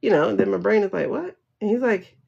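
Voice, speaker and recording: A woman's voice: medium pitch, lively intonation, quick pace, gravelly, darkish tone, breathy edge. A woman hosting a casual livestream chat, talking frankly and animatedly, with profanity and frequent laughter, reading viewer comments aloud and answering them. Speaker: livestream host. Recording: dull lo-fi livestream audio.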